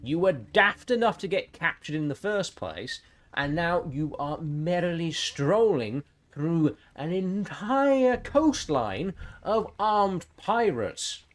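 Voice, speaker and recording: A man's voice: fairly high pitch, sing-song, takes it slowly. A man giving sarcastic, exasperated running commentary while streaming a game. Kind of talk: live gameplay commentary.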